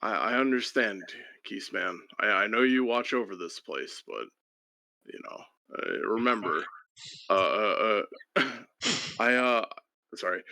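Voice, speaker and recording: A man voicing an adventurer who gives solemn advice in a halting way. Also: fairly low pitch, gravelly, bright, forceful tone, no echo, pitched below the performer's own voice, full character voice.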